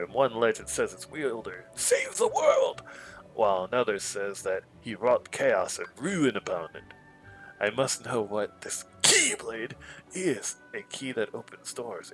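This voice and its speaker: A man voicing an excited male scholar reading his research journal aloud, in a British accent with dramatic, wondering delivery. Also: mid-range voice, heavily acted, low-quality recording. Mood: grave.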